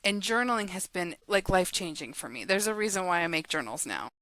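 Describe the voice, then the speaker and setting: A woman guest on a podcast, talking in a casual, animated way about her work and laughing often. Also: fairly low pitch, a little fast, no room sound. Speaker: guest, guided journal creator and coach.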